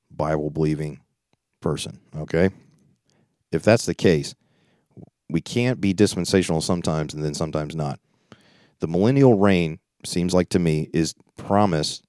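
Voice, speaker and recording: Leading a Bible study, this preacher reads verses out loud before adding casual remarks, often restarting and wandering into asides. His voice rumbles low with a slightly mellow quality. It's a dry, studio-quality recording.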